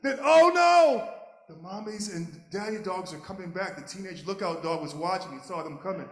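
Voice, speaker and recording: Animated male storyteller in an echoing hall. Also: high-pitched, a little fast. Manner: animated, playful, chuckling. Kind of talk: live storytelling. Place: large hall at a live event. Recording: echoey hall, live audience.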